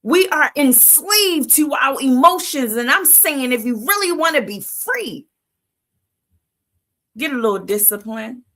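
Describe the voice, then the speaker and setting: A woman's voice: high-pitched, expressive, a little slow, fairly bright tone. A woman hosting a livestream who gives a motivational talk in casual vernacular, asking "Why?" before each answer. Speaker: livestream host.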